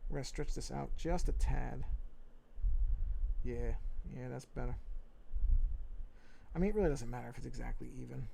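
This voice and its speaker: A man's voice: medium pitch, moderate pace, creaky, pauses often, warm tone, slight background noise. A man with a New York accent thinking aloud and humming to himself as he narrates his drawing on a casual live stream.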